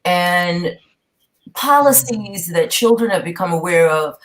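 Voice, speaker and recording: A middle-aged New York woman with Southern roots speaks a bit slowly in a lowish voice with lively intonation. As a guest in a casual chat, she tells stories emphatically and keeps tossing in a rhetorical "okay?"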